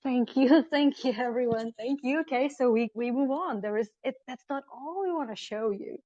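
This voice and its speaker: A woman's voice: sits high, moderate pace, dark tone, no room sound, highs cut off. Awestruck woman guide. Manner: effusive, breathless with wonder. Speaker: tour guide. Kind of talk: live tour vlog. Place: inside a church. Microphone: handheld phone.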